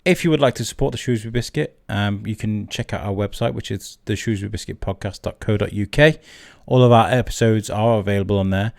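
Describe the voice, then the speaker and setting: A man's voice: lowish voice, fast, vocal fry, hardly any pauses, no echo, studio quality. Chatty podcast host man. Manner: chatty, friendly, lots of ums. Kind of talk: casual interview hosting. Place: outdoor event with music behind. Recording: outdoor event with loud music behind. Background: live music.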